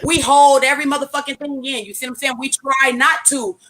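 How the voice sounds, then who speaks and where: Fast, blunt, profane woman preaching. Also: high-pitched, fairly even intonation, bright, forceful tone. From California. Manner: preachy, repeats key phrases. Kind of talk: casual motivational talk.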